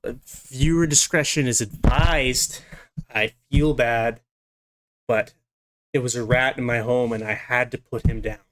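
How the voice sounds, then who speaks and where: A young man in his twenties telling a personal story to camera in a casual, animated and dramatic way. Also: medium pitch, unhurried, long pauses.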